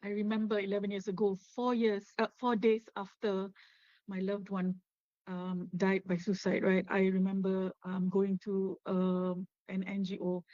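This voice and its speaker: A middle-aged woman, giving halting personal testimony as a webinar guest over a video call. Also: medium pitch, little pitch movement, warm tone, no echo. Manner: halting, many fillers and restarts. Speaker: guest, suicide loss survivor. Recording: dull, dry lo-fi webinar audio.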